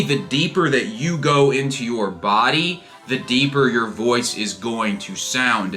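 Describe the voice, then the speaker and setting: A man's voice: medium pitch, bright, forceful tone. A young man giving a casual voice-training lesson to camera, chatty and emphatic, peppering his talk with "like". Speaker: voice coaching vlogger. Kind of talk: casual instructional vlog.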